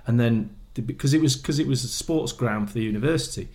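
A man, a former footballer, chatting casually and telling animated stories, often laughing as he acts out what people said. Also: mid-range voice, quick pace. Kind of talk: casual chat.

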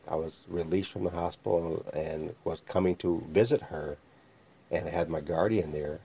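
Deep-voiced man sharing a heartfelt testimony. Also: mellow. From northern Illinois. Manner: reflective, heartfelt storytelling with pauses. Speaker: podcast host. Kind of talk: personal testimony.

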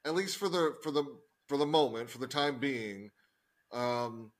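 A man co-hosting a wrestling podcast, talking quietly and haltingly with many fillers. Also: mid-range voice, lively intonation. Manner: soft-spoken, hesitant, lots of fillers. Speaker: podcast co-host. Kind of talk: casual wrestling review chat.

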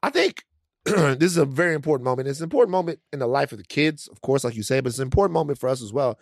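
A man co-hosting a casual talk show, blunt and animated as he talks. His voice sits at a middle pitch, recorded close and dry. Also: racing, no echo. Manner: animated, blunt, reads statements aloud. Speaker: co-host. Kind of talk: casual chat.

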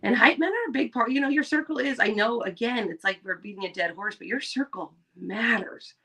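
A woman's voice: on the high side, animated, brisk, sharp tone, husky. A woman co-hosting a podcast, talking earnestly and encouragingly in casual chat. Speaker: podcast co-host.

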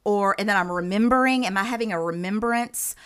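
A woman's voice: medium pitch, a little fast, clear, resonant tone. A woman, a medium, telling a vivid story as a podcast guest and acting out the voices in it. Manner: animated storyteller, acts out quoted dialogue.

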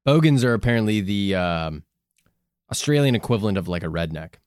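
A man co-hosting a podcast in casual chat, blunt and animated, swearing freely. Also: lowish voice, a little fast, smooth, no room sound, clean studio sound. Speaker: podcast co-host.

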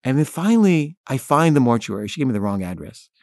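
A filmmaker telling a personal story in first person, wry and candid, laughing at himself. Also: male voice, medium pitch, sing-song, fast talker, darkish tone, dry recording.

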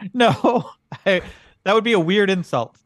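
A man playing the puzzled straight man in improvised podcast comedy, questioning each absurd claim his partner makes. His pitch swings widely and animatedly as he reacts. The recording is close and dry. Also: lively intonation, takes it slowly, no echo. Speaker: podcast co-host.

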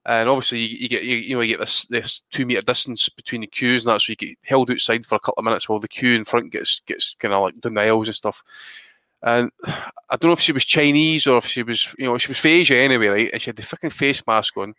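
A man's voice: mid-range voice, fast talker, bright, forceful tone, dry recording. A Scottish man co-hosting a podcast, telling long rambling stories in casual chat, swearing constantly as he goes. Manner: profane, rambling storyteller. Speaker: podcast co-host.

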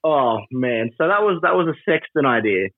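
A man being interviewed about his wrestling persona, animated and rambling, laughing often and full of fillers. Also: mid-range voice, normal speed, a little hiss or hum. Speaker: wrestler and trainer, interview guest. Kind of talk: casual interview over a call. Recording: tinny phone-like line, dry.

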